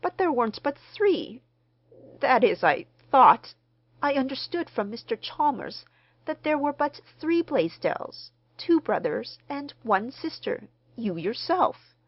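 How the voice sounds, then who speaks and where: A woman reading the part of a mild, courteous gentleman stranger who speaks formally. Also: mid-range voice, very animated, normal speed, no echo, dull audio, voice pushed up. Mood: startled. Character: mild, polite middle-aged gentleman stranger.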